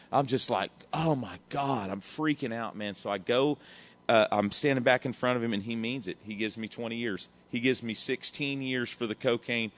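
A middle-aged man giving a profane, animated recovery testimony that swings between loud and quiet. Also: medium pitch. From Texas. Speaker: recovery speaker.

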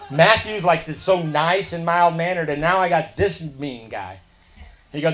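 Candid storytelling man, slightly high voice. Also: moderate pace, a bit bright. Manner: candid, conversational, colloquial and emphatic. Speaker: recovery speaker sharing his story. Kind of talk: personal storytelling at a recovery meeting.

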